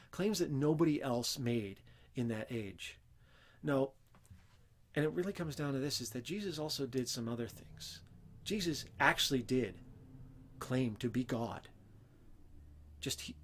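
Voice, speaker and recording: A man hosting a Christian teaching show, talking earnestly and emphatically without a script and breaking into raised voices when he quotes scripture. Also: a little high. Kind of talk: unscripted religious teaching talk.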